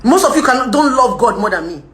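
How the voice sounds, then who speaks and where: On a live stream, a young woman with a Nigerian accent scolds and argues with viewers, slipping into Pidgin and laughing frequently. She talks fairly quickly in a bright, sing-song, fairly high voice inside an echoey room.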